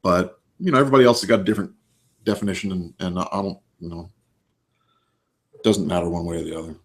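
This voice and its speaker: A man's voice: deep voice, quick pace. A man in his sixties, a therapist guest in a casual interview, explaining his points emphatically with anecdotes.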